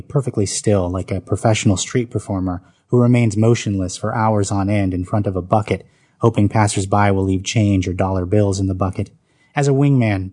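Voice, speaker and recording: A man's voice: fairly low pitch, mellow. A man reading his own autobiographical story aloud, with dry comic timing.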